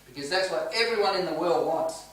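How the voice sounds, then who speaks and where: A man's voice: high voice, a little fast, a bit bright, slight background noise. A man leading a home church Bible study, earnest and questioning the group as he teaches. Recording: echoey room, distant mic, faint ambience.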